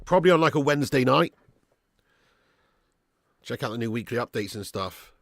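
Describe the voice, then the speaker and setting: A young man hosting a live football watch-along, chatting and thanking viewers by name, with sudden bursts of excitement when chances come. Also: medium pitch, moderate pace, vocal fry, dry recording.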